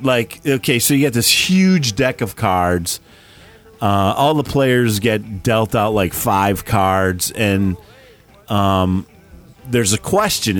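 Slow, laid-back man co-hosting. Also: mid-range voice. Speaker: co-host. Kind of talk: casual chat.

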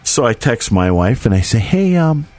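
A man's voice: lowish voice, fairly quick, dry recording, soft background music. A middle-aged man telling a rambling, profane, self-mocking anecdote in casual chat. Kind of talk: casual storytelling.

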